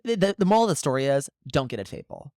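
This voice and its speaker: A man's voice: fairly high pitch, sing-song, rapid-fire, darkish tone, no room sound, clean studio sound. A young adult man co-hosting a podcast in casual chat, talking loosely with lots of "like" and frequent laughs. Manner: chatty, laughs often, lots of filler "like". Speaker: podcast co-host.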